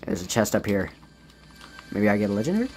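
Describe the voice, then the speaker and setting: A man giving casual gameplay commentary as a gaming YouTuber, swinging between low muttering and loud, frustrated outbursts. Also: big pitch swings, quick pace, faint music behind.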